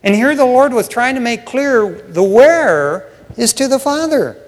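High-voiced man preaching in a reverberant hall. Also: a little slow. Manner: casual preaching, acts out voices in Bible stories; swings between hushed emphasis and raised excitement. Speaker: pastor. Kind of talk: sermon.

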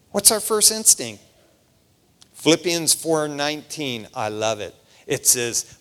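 A middle-aged pastor with a fairly high-pitched voice preaches slowly, pausing often, yet stays animated and conversational, sprinkling in "man" as he goes. The sound has the long reverb of a large hall.

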